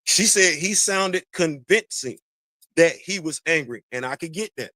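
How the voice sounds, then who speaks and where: Animated high-voiced man riffing. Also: unhurried, no echo, studio quality. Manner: animated, preachy, repeats phrases, talks to chat. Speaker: podcast host. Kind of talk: casual commentary monologue.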